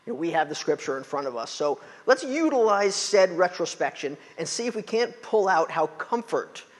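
Animated preacher in a reverberant hall. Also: male voice, on the high side, moderate pace. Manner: animated storytelling, acting out quotes. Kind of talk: sermon.

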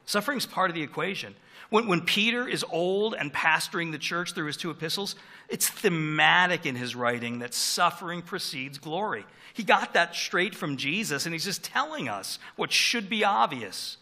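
A middle-aged man, a pastor, preaching a sermon in a conversational, storytelling way with lively emphasis. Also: on the high side, normal speed.

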